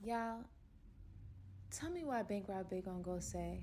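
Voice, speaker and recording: A woman telling a casual storytime recap in an animated, slangy way, acting out other people's lines as she goes. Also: medium pitch, measured pace, background noise. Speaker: storyteller vlogger.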